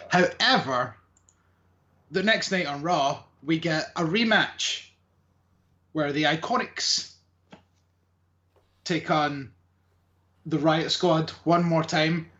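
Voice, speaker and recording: A man's voice: on the high side, bright, forceful tone, highs cut off. A man co-hosting a wrestling podcast, recapping matches in a casual, rambling way with lots of fillers. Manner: rambling, hesitant with many fillers.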